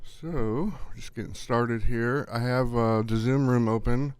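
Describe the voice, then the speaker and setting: A man's voice: medium pitch, a little slow, a little mellow, smooth, no echo. A middle-aged man hosting a live stream in a casual, chatty way, greeting viewers by name and laughing often.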